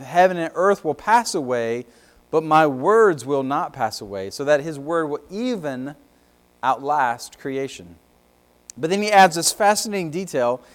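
A man preaching a sermon as pastor, explaining scripture emphatically with swings between loud and soft. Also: fairly high pitch, clean tone.

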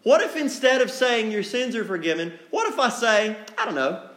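A man's voice: high voice, very animated, normal speed, a bit bright, reverberant. A male preacher, giving a conversational sermon full of rhetorical questions. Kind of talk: sermon with storybook reading.

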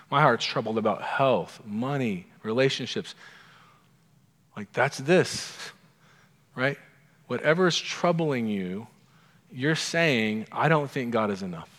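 A man's voice: mid-range voice, a bit bright. A man preaching a sermon in a conversational way, putting many questions to his listeners. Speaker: pastor. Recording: long hall reverb.

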